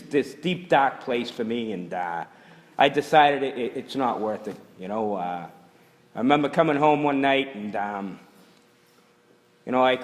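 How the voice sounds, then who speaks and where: Blunt man in an echoey hall. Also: mid-range voice. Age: middle-aged. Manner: blunt, rambling, peppered with "you know". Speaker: speaker sharing recovery story. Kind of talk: personal testimony at a recovery meeting.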